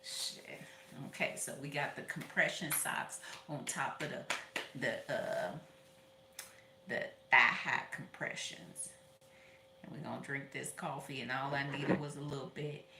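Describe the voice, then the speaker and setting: A woman's voice: a bass voice, fairly even intonation, unhurried. A woman rambling casually and profanely to herself as she cleans at home, joking with her viewers. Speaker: vlogger. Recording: very echoey room, far mic, loud background noise.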